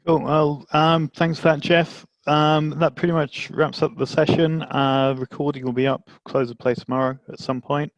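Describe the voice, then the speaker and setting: A man co-hosting an online class, wrapping up the session in a relaxed way with many fillers. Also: fairly high pitch, moderate pace, hardly any pauses, dry recording. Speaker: session co-host. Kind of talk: casual wrap-up announcements.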